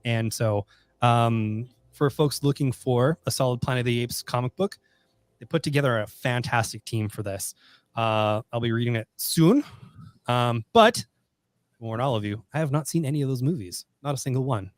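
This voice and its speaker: A man's voice: medium pitch, normal speed, dry recording. A man co-hosting a casual podcast about comics, rambling with lots of fillers and frequent laughter. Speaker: podcast co-host.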